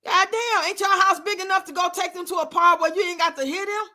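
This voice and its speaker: High, bright-voiced woman ranting bluntly. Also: fairly even intonation, brisk. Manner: blunt, profane, rants and scolds with lots of swearing. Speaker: streamer and commentator. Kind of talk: casual live-stream commentary. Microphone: streaming mic.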